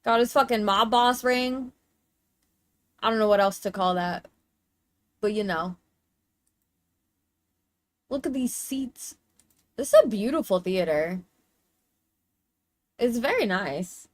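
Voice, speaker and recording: A woman's voice: mid-range voice, animated, takes it slowly, long pauses, no room sound. A woman streamer chatting casually while showing pictures, gushing and cooing in baby talk, with casual swearing.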